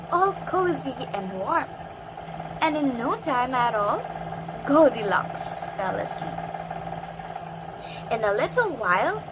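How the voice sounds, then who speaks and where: A slow, lively woman reading a storybook. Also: high-pitched, noisy background. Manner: slow, expressive.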